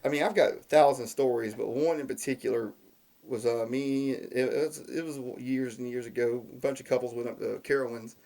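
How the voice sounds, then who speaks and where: A man's voice: mid-range voice, brisk, gravelly. A man, a podcast guest telling long rambling stories in casual chat, often laughing at himself. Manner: rambling, animated, laughs at his own stories.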